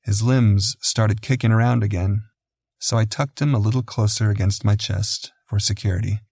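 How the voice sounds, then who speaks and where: A man narrating a first-person romance audiobook in a low, measured, quiet way. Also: steady tone, vocal fry, dry recording, studio quality.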